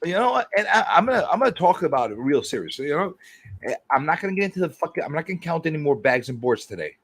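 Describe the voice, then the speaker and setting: A husky, high-voiced man hosts a livestream in full rant mode. He swears freely, stumbles over restarts and swings his pitch up and down as he hammers his point home. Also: very animated, fast, a bit bright. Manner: profane, fired-up, repeats himself as he rants. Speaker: livestream host.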